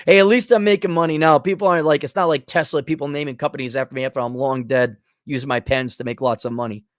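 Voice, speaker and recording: A middle-aged man hosts a livestream and works through viewer super chats with blunt, mocking sarcasm. His voice sits in a medium pitch, and the recording is dry and close with no room sound. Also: fairly even intonation, fast, dry recording. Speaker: host.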